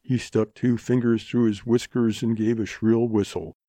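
A man narrating a western story in a steady audiobook reading. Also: medium pitch, moderate pace, dry recording, studio quality.

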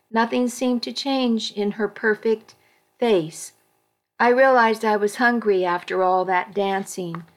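Slow, careful woman narrator. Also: medium pitch. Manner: slow, careful, with small self-corrections. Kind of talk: storybook narration.

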